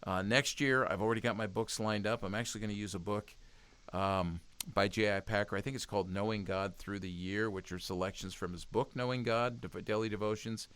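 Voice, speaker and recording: A man with a somewhat low voice talks as an interview guest. He speaks earnestly and urges his listeners on, often stopping to restart his sentences. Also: steady tone, a little fast, a bit bright, clear, resonant tone. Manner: earnest and exhortative, with frequent restarts. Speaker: podcast guest, youth ministry speaker. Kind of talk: conversational interview.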